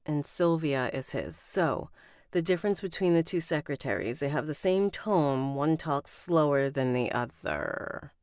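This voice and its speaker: A woman rehearsing an audiobook recording, reading and coaching herself in a relaxed, casual way. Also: low voice, a little slow, no echo, clean studio sound. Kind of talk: casual read-through with asides.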